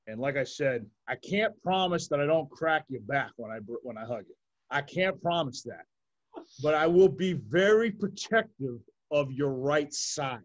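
A man's voice: fairly high pitch, lively intonation, normal speed, dull audio. Rambling, upbeat male podcast host. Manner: rambling, heavy use of "like", enthusiastic. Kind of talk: casual interview chat.

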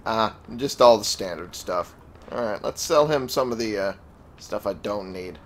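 A man casually commenting while playing a video game, chatty and jokey. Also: unhurried. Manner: chatty, jokey, animated pitch jumps. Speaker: gaming video host. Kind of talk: casual let's-play commentary.

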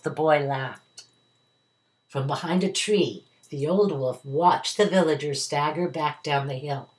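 A woman's voice: deep voice, measured pace. An older woman, a retired teacher, reading a children's story aloud at home. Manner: warm, expressive reading to children.

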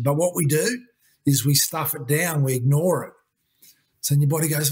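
A husky, slightly higher-pitched man. He talks earnestly and at length as a coaching guest in a conversational interview, looping back on his points. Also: moderate pace. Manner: earnest, repetitive, uses "you know" and "mate".

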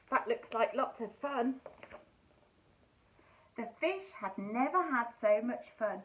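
Animated woman reading a storybook. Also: fairly high pitch, slow, pauses often. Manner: animated, asks the children questions. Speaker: primary school teacher. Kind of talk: reading a picture book aloud to children. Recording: tinny phone-like sound.

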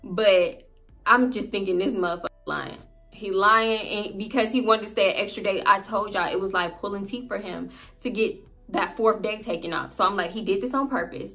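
A woman's voice: medium pitch, moderate pace, gravelly, sharp tone, soft background music. A young woman vlogger telling a personal story in a casual, slangy way, with laughing asides.

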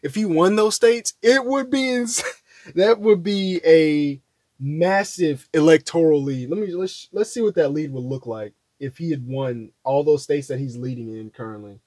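A man's voice: on the high side, a little slow, darkish tone, no echo. A man chatting casually about an election map in a loose, rambling way, with many fillers and restarts. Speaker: political commentary vlogger.

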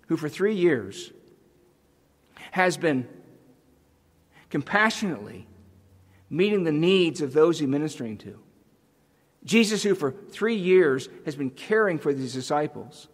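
A pastor preaching a sermon in an earnest, emphatic way. His voice sits on the high side for a man, and his words ring out with a long reverb through the sanctuary. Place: church sanctuary.

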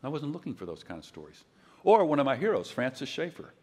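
An older man giving a conference sermon, telling stories in a conversational way and acting out quotes loudly. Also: mid-range voice, huge pitch swings, fast talker, breathy edge. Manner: conversational storytelling, loud acted quotes. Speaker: preacher. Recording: long hall reverb.

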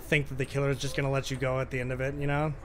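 A man's voice: mid-range voice, level tone, rapid-fire, a bit bright, slight background noise. Profane young man streaming a game. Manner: casual and profane, frequent "dude"; talks to viewers while playing. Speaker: gaming streamer. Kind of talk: live gameplay commentary.

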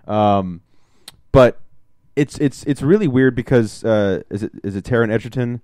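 A man's voice: mid-range voice, expressive, normal speed, darkish tone, dry recording, clean studio sound. A young man hosting a podcast, reviewing a movie in casual, rambling chat full of fillers, restarts and swearing. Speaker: podcast host.

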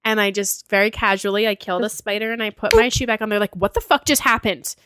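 A woman's voice: mid-range voice, steady tone, fast talker, fairly bright tone, a little hiss or hum. A woman in her thirties co-hosting a casual podcast chat, telling stories in a breezy, playful way. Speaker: podcast co-host.

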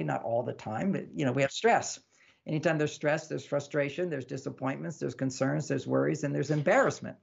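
A man's voice: a little high, gravelly, husky, muffled recording. A man, an author guest in an interview, explaining ideas in a teaching manner and acting out bits of dialogue. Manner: animated, acts out dialogues; teaching, repeats lists. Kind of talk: interview talk.

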